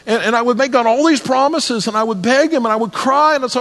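An earnest male pastor delivers a sermon in a noticeably high voice. He restarts and repeats words as he builds each point. The sound rings with a long reverb from the church around him. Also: brisk, a bit bright. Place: church sanctuary.

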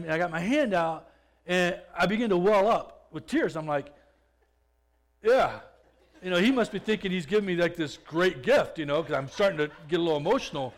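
Man telling his story, fairly high voice. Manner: conversational, repeats and restarts words, swells louder when excited. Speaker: speaker giving a testimony. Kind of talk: personal testimony storytelling.

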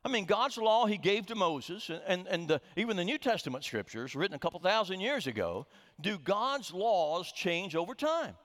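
A man's voice: sits high, big pitch swings, normal speed, fairly bright tone. A middle-aged man preaching a sermon as a pastor, telling a humorous story with frequent restarts, in a reverberant sanctuary. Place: church sanctuary.

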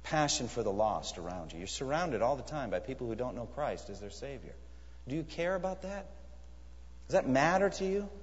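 A man's voice: mid-range voice, sing-song, normal speed. A man preaching a sermon in an earnest, emphatic way, pressing his listeners with searching questions. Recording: echoey hall, dull lo-fi sound.

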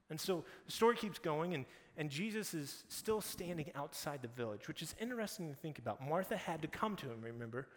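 A man's voice: a little high, expressive, fairly quick, few pauses. A man preaching a casual sermon, retelling scripture in conversational everyday slang. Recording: reverberant hall, faint background noise.

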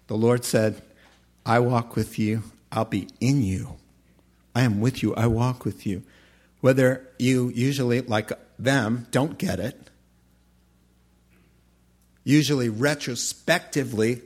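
Male pastor, casual animated sermon delivery, mid-pitched voice, acts out quick character lines. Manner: conversational, animated preaching with acted-out voices.

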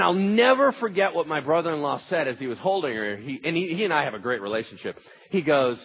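A man preaching a sermon in church, telling stories in an animated way that swings from loud bursts to hushed asides, with what he calls a huge voice. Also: fairly high pitch, fast, slightly rough, highs cut off. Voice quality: self-described huge voice. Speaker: pastor.

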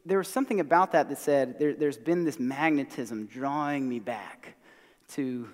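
Hoarse male preacher, Southern American accent, conversational and self-deprecating, mid-range pitch, long reverb. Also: normal speed. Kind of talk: sermon. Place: church sanctuary.

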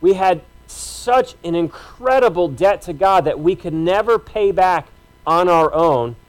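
A man with a notably high voice for a male speaker delivers a sermon from the pulpit. He talks to the congregation in a conversational, emphatic way, piling up short repeated phrases. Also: animated, unhurried, poor audio. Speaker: pastor.

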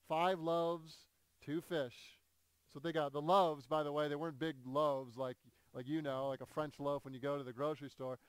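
A man in the pulpit delivers a conversational sermon, his somewhat high voice smooth and resonant. The sound is dry and close. He swings between hushed asides and bursts of excitement, repeating words as he builds. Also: dry recording. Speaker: pastor.

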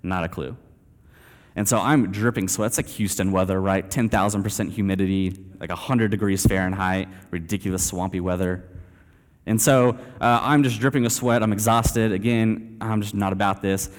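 A man's voice: fairly low pitch, fairly even intonation, normal speed. A young man from Texas telling a story in a sermon, casual and self-deprecating, dropping "man" and "like" throughout. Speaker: preacher. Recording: reverberant hall.

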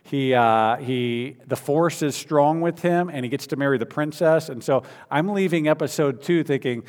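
A man's voice: fairly high pitch, moderate pace, hardly any pauses, darkish tone. Man preaching in a reverberant hall. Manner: conversational storytelling with frequent fillers and restarts. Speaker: pastor. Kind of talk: sermon.

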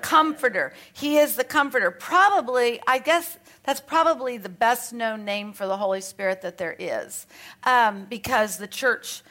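A fairly high-pitched woman speaks a little slowly, her voice pushed and bright, with an Australian accent. As a Bible teacher, she reads scripture aloud between conversational, chatty remarks sprinkled with light self-mockery.

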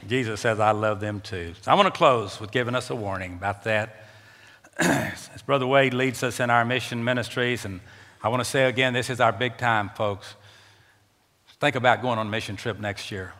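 A man's voice: medium pitch, moderate pace, long pauses, bright, forceful tone. A man preaching a sermon as pastor in a church, emphatic and repeating words for stress. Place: church sanctuary. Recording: long reverb of a large church.

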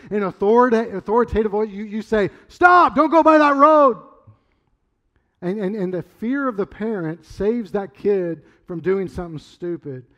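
A middle-aged man preaching a sermon in a loose, conversational way, rambling through stories and sometimes shouting. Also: high voice. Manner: conversational, rambling storyteller with sudden loud outbursts. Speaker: pastor.

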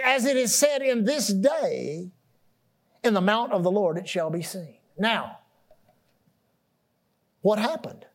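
A man preaching a sermon, asking the congregation questions and repeating words as he builds his points. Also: high voice. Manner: animated preaching with call-and-response questions; repeats and restarts words, rising and dropping loudness. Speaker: pastor.

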